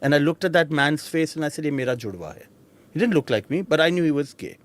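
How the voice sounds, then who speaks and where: A middle-aged man with an Indian accent tells his life story as an interview guest. He talks in a somewhat high voice and acts out the people he remembers, switching between their voices. The tone stays animated and personal. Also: fast talker.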